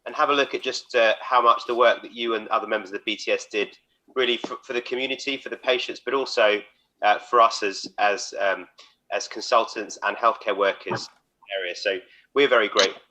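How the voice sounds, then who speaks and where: A man's voice: fairly low pitch, fairly even intonation, a little fast, bright, forceful tone. A man, a consultant, chairing an online event and introducing speakers with thanks over a video call. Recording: muffled lo-fi video call audio.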